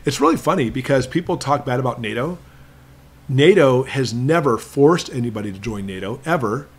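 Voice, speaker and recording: A man hosting a prepping live stream, answering viewer questions in a talkative, emphatic lecturing manner that slows down to stress points. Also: medium pitch, lively intonation, slightly rough. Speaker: prepping channel host.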